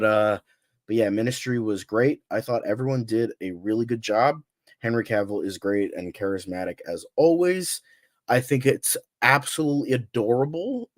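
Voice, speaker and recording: A man's voice: medium pitch, dry recording. Sick man, nasal, mid-range voice, profane ranting reviewer, dry sound. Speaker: movie reviewer on a panel. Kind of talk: casual chat.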